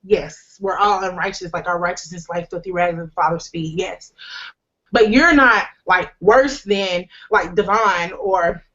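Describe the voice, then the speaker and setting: A woman's voice: lowish voice, a little slow, bright, forceful tone. Brief: young woman host, earnest and candid, slangy humor, slightly muffled recording. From United States. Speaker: host sharing a personal testimony. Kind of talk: candid conversational testimony.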